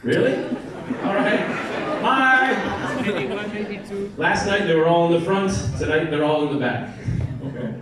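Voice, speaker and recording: A man's voice: fairly high pitch, lively intonation, unhurried, pauses often. An American man performing a stand-up comedy set at a bar comedy night, chatting with and teasing the crowd. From United States. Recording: echoey room, mic from a distance, crowd laughing.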